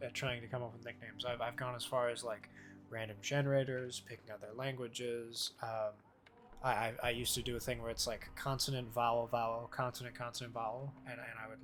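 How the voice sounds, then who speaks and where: This live streamer has a medium-pitched, fairly bright voice as he plays a game and chats casually with his audience. He wanders from topic to topic and jokes at his own expense.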